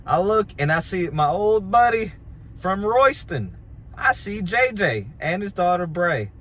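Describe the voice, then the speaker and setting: A man's voice: sits high, sing-song, measured pace, fairly bright tone, slight background noise. Laid-back man telling a wrestling story. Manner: laid-back, self-deprecating, rambling with restarts. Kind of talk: casual storytelling.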